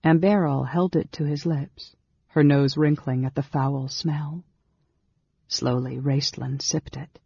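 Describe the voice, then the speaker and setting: Audiobook narrator with a steady read, gravelly and very raspy, on a dull, dry recording. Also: mid-range voice, slow pace, dry recording. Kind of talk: scripted narration.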